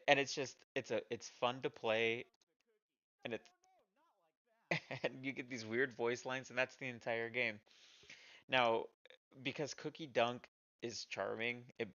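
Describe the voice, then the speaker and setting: A man's voice: lowish voice, a bit bright, dull audio. A man casually talking about the small games he has made, rambling and self-deprecating with many fillers. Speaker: indie game developer and streamer. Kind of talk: casual chat showing his games.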